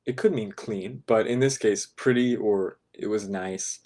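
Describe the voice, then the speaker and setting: A man teaching a class, patiently walking through each phrase and checking in with his listeners. His voice sits low, and it often drops soft and quiet as he repeats a phrase. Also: measured pace. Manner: patient, breaks phrases down step by step, often asks "right?". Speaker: language teacher. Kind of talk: explaining a lesson to a class.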